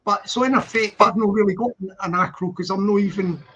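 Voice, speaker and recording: A man's voice: high voice, fairly even intonation, quick pace, pushed and bright, husky. A man with a London accent hosting a live stream, talking hesitantly and agreeably with a lot of fillers. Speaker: channel host. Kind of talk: casual chat on a live stream. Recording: dull lo-fi sound.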